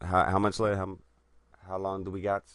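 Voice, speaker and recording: A man with a bright, edgy voice co-hosts a live stream, cracking crude jokes. The sound is dry and close. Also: low voice, monotone, a little fast, clean tone, dry recording. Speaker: stream co-host. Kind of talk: casual live-stream chat.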